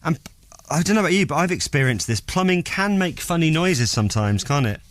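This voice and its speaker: A man's voice: on the high side, animated, brisk, no echo. Playful man hosting radio. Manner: jokey, chatty, teasing. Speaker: radio host. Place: radio studio. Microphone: studio microphone.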